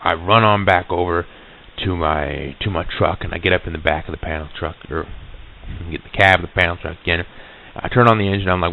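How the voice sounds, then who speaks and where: Low, gravelly male narrator, halting and stammering, recorded on tinny old tape. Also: a little hiss or hum. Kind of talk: recorded storytelling monologue.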